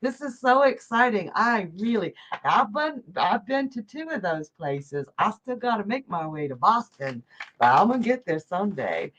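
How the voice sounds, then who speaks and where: A woman's voice: mid-range voice, sing-song, moderate pace, fairly bright tone, highs cut off, a little hiss or hum. A woman from Georgia, hosting a live psychic stream and chatting effusively with viewers, laughing often. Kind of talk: casual live-stream chat reading viewer comments.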